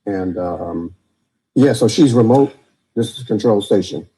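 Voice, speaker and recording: Male show producer; lowish, warm voice, stop-start explaining. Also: expressive, rough recording. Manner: halting, with many restarts and fillers. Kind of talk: casual explanation. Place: control center.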